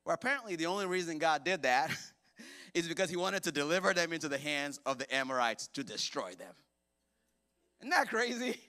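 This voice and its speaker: Animated high-voiced male pastor preaching. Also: fairly quick. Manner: animated and jokey, acting out voices. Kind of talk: sermon. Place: church service with congregation.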